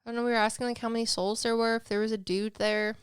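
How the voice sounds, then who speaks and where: A woman's voice: on the high side, flat delivery, fast talker, clear, resonant tone, no echo, clean studio sound. A woman co-hosting a podcast in casual chat, playful and teasing, laughing often. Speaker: podcast co-host.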